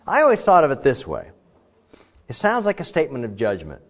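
A man preaching a sermon in a conversational, animated way, with frequent fillers and restarts. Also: medium pitch, fairly quick, lo-fi sound. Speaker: pastor.

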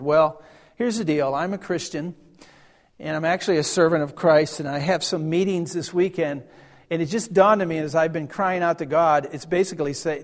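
A man preaching a sermon in a folksy, storytelling way, often laughing and acting out conversations. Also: a little high. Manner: folksy, laughing, acts out dialogue. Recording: long hall reverb.

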